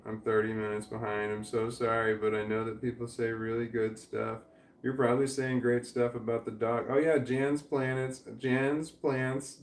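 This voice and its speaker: A middle-aged man chatting casually as he reads live chat comments, rambling, often restarting his sentences and swearing freely. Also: medium pitch. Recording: echoey room with faint background noise.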